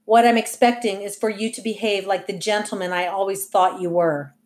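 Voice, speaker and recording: A woman's voice: medium pitch, steady tone, fairly quick, natural voice. A woman reading aloud, voicing a stern, determined suburban mother who speaks in clipped, firm lines.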